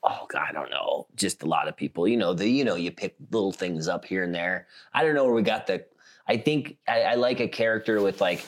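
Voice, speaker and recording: A man's voice: deep voice, brisk. A man from South Dakota co-hosting a podcast in casual chat, rambling and laughing often. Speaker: podcast co-host.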